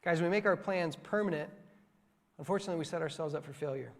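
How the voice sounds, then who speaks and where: A young male pastor preaching a sermon in a church, lively and joking with quick asides to his congregation. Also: a little high. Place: church sanctuary. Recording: long church hall reverb.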